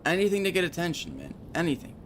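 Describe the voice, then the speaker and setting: A man's voice: on the high side, huge pitch swings, fast, a little hiss or hum. A man streaming a video game, chatting casually and sarcastically with his viewers. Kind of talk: casual gaming stream chat.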